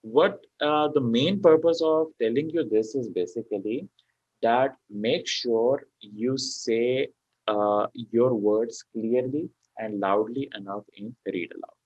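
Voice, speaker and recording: Male tutor, mid pitch, running an online lesson with lots of fillers; dry, muffled call audio. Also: slow pace, a little mellow, no room sound. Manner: explains step by step with many fillers like okay and you know. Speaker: PTE exam tutor. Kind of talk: online class lecture.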